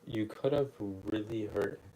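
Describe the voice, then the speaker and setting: A man voicing a tense young male warrior cat, reading the lines in a low, flat tone close to his own voice. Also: unhurried, rough recording.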